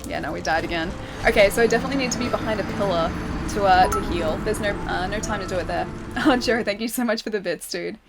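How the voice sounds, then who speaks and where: A woman's voice: medium pitch, quick pace, over loud music. A woman streamer chatting casually while she plays a game, reading viewer messages aloud and laughing often. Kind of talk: casual live-stream chat while gaming.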